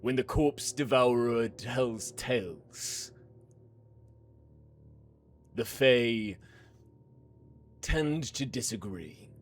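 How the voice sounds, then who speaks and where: A man voicing a large, cold-blooded man who speaks in a flat, measured, unrepentant way. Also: mid-range voice, slight background noise. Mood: cold, calm.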